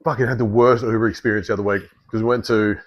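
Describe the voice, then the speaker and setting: A man with an Australian accent, a podcast host chatting casually and telling an animated story with plenty of swearing. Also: fairly low pitch, racing, dull audio. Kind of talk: casual chat.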